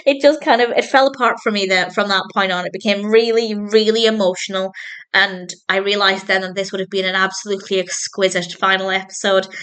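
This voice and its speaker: Bright, enthusiastic woman reviewer. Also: mid-range voice, clear, resonant tone. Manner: enthusiastic, laughs often, emotional. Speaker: film and TV reviewer. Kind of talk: casual spoken episode review.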